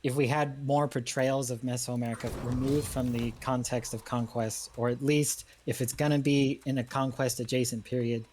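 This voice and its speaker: A man speaking as a historian guest in a casual livestream chat, halting with many fillers and restarts. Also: mid-range voice, fairly even intonation, darkish tone, a little hiss or hum.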